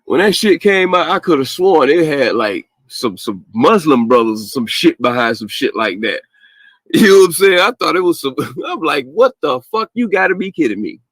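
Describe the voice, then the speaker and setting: A man's voice: a little high, very animated, normal speed, a bit bright, no room sound, rough recording. A man hosting a podcast, ranting bluntly in casual slang with heated asides and frequent laughs. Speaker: podcast host. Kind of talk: casual profane rant.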